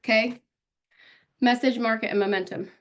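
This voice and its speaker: A woman's voice: fairly high pitch, steady tone, moderate pace. A woman giving a casual live online training on social media, talking directly to viewers and calling them out by name. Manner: chatty, calls out viewers by name.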